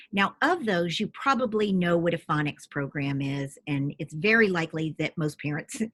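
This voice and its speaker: Husky-voiced woman explaining reading patiently. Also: lowish voice, no echo. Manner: patient, sounds out word parts slowly. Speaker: reading expert. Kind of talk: explaining to parents.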